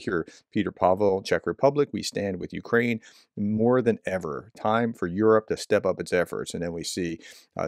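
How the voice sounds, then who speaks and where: Lowish man reacting to the news. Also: no echo, studio quality. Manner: reacts with startled outbursts, then reads quotes aloud in a low steady voice. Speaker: commentator reacting to news clips. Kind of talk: casual commentary.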